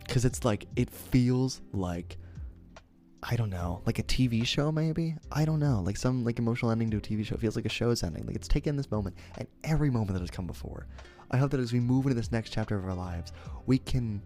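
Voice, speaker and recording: A man's voice: medium pitch, expressive, fairly quick, mellow, faint music behind. A young man streamer casually telling a story to his chat, rambling and interrupting himself, laughing at his own remarks. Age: young adult.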